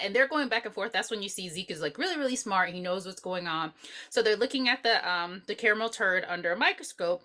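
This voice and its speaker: A middle-aged woman co-hosts a podcast and chats casually about a film. Her voice is bright and ringing. She talks in an animated, profane way, jumping into the characters' lines herself. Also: mid-range voice, fast. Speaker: podcast co-host. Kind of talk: casual movie review chat.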